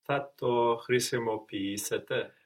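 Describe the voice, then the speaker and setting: A man's voice: mid-range voice, steady tone, a little slow. A man answering drills as a student in a language lesson, giving short tentative replies.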